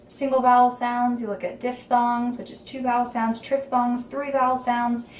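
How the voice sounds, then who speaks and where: A woman's voice: on the high side, distant mic, slight background noise. Chatty young woman vlogging in a roomy space. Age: young adult. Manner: chatty, lots of ums, acts out inner thoughts. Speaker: drama student vlogger. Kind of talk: casual advice vlog.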